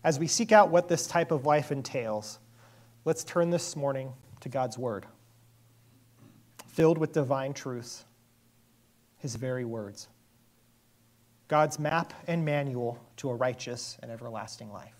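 A man preaching a sermon as a pastor, earnest and measured, with emphatic pauses. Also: medium pitch.

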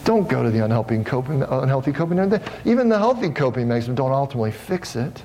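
A middle-aged male pastor delivers a sermon to a congregation in a church sanctuary. He speaks earnestly and pokes fun at himself, calling out directly to the listeners. His voice climbs higher and louder on his exhortations and then settles low and quiet when he reflects. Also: very animated, quick pace, a little hiss or hum, poor audio. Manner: earnest, self-deprecating, calls out to the congregation.

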